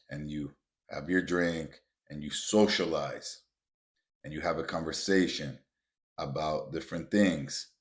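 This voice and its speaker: Blunt deep-voiced man on a podcast. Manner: blunt and emphatic, swears freely, addresses listeners as "guys". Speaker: podcast host. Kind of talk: motivational podcast monologue.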